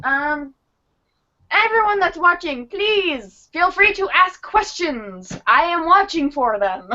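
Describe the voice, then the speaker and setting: A woman's voice: very high voice, animated, slow, bright, forceful tone. A woman co-hosting a casual stream chat with giggly interjections. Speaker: co-host. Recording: dull lo-fi stream audio.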